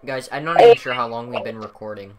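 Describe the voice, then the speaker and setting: A man's voice: mid-range voice, very animated, fast, a little mellow. A man in a casual group podcast chat, random and joking.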